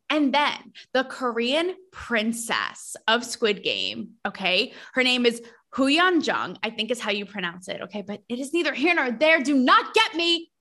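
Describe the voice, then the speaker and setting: A woman hosting a podcast, talking in a casual, gossipy and animated way, full of sass and asides to her listeners. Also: sits high. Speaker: podcast host. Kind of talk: casual chat.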